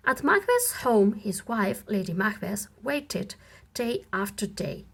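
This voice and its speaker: A woman reading a simplified classic story aloud in a clear, deliberate storybook narration. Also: medium pitch, very animated. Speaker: audiobook reader.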